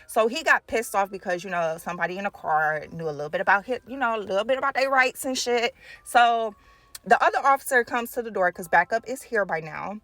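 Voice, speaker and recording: A woman telling a story in a casual storytime vlog, animated and profane, acting out the people she quotes. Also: medium pitch, brisk, no echo. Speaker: nail art vlogger telling a story.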